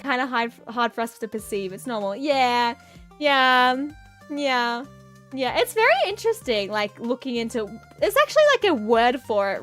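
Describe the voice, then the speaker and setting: Playful high-voiced woman streamer. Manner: rambling, playful and goofy. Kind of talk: casual chat reading viewer comments.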